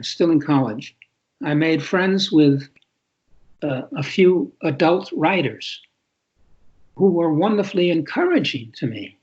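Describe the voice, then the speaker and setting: An older man, a guest author, telling reflective stories in a podcast interview and often restarting his sentences. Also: a little high. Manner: reflective storytelling with frequent restarts. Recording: dull lo-fi sound.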